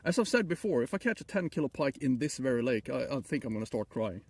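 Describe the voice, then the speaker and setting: A man's voice: medium pitch, sing-song, quick pace, creaky, a little mellow, breathy edge, no room sound. A middle-aged man with a Swedish accent, joking and rambling to his chat while streaming from a frozen lake. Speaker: livestreamer. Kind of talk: casual live stream chat.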